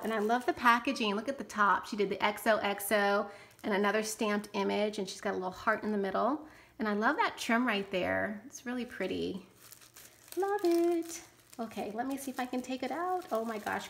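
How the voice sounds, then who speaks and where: A woman hosting a casual crafting vlog, unboxing mail and gushing over handmade cards with lots of excited exclamations. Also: mid-range voice, vocal fry, background noise. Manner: gushing and enthusiastic, frequent exclamations. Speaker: channel host.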